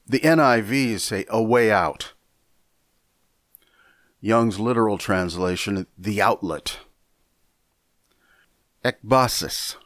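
A man teaching a Bible lesson in a measured, deliberate way, often repeating a word as he thinks. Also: on the low side, no echo, studio quality. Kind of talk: sermon lesson.

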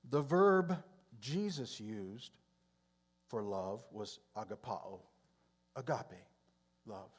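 Man teaching a sermon, measured. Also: lowish voice, lively intonation. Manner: measured teaching delivery with frequent throat-clearing. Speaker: Bible teacher.

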